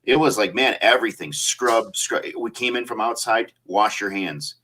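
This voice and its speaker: A man hosting a casual podcast conversation, rambling with many pauses and fillers, laughing often. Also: medium pitch, sharp tone. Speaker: podcast host. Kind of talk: casual chat.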